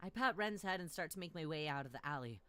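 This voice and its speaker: A woman streamer reading a visual novel aloud in first person. She breaks into loud shrieks and repeated cries, and she swears and jokes casually between lines. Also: sits low, animated, quick pace.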